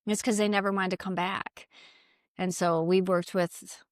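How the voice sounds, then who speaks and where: A woman who works as a psychic medium, chatting earnestly and gently coaxing unseen spirits during a walk outdoors in a cemetery. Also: mid-range voice, little pitch movement, unhurried, dry recording, studio quality. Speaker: psychic medium and energy healer. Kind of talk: casual talk during a graveyard walk.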